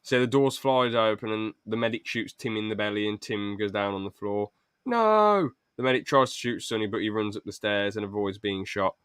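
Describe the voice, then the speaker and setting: A young man hosting a podcast, pitching a film script in a rambling, stop-start way with lots of fillers. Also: steady tone, fairly quick, few pauses, fairly bright tone, clear, resonant tone, no room sound, studio quality. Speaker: podcast host. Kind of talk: casual podcast chat, reading out a film pitch.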